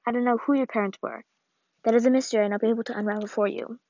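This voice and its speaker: A woman reading the farewell letter of an old, ailing grandmother in a solemn, measured way, on a dull, lo-fi recording. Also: a little high, steady tone, dark tone, no echo, close to an everyday voice. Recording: dull, lo-fi dry read.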